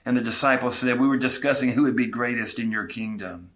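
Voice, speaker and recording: A man's voice: medium pitch, brisk, fairly bright tone. A male pastor preaching an expository sermon, earnestly retelling scripture with asides and small restarts.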